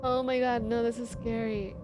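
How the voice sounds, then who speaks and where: A woman's voice: on the high side, flat delivery, moderate pace, music in the background. A young woman streamer commentating a horror game live, easily startled, swearing and talking to chat. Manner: jumpy, swears, talks to chat.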